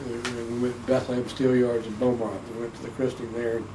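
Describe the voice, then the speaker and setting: A man's voice: medium pitch, fast. Older man telling family stories. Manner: rambling, animated storyteller with frequent restarts. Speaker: interviewee. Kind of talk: oral history storytelling. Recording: distant mic with faint background noise.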